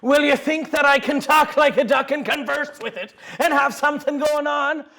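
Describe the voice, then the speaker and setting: A young man playing a rambling, excitable fisherman in a student comedy news skit, full of fillers and chuckles. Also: extremely high pitch, heavily acted. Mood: excited. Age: young adult. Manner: hesitant, full of fillers, chuckling, quick to get worked up. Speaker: interviewee.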